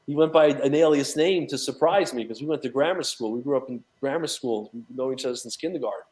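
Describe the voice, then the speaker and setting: A man's voice: mid-range voice, quick pace, a little mellow. A man from New York talks as an interview guest in a mid-range voice. He rambles through his answers, circling back with fillers and false starts. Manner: rambling, many fillers and restarts. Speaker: guest, documentary associate producer. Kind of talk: casual interview conversation.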